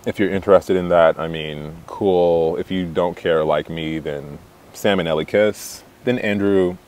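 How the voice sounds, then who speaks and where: Low-voiced young man gossiping casually. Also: fairly even intonation, a little slow, darkish tone. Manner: chatty and catty, lots of "like" fillers, laughs often. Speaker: reality TV recap vlogger.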